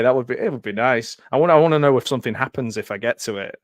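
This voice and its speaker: A man's voice: mid-range voice, animated, fast talker, no echo, studio quality. A man hosting a casual live film commentary from home, chatty and often laughing. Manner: chatty, laughs often, loose aside-filled talk. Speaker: host.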